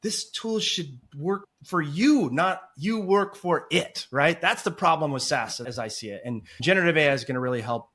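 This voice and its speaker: A man with a voice pitched a little high talks at length as a podcast guest. He tells stories in a lively, rambling way and acts out the voices in them. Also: moderate pace, few pauses. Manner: talkative and animated, apologizes for long answers. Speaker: podcast guest, agency founder. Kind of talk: storytelling interview chat.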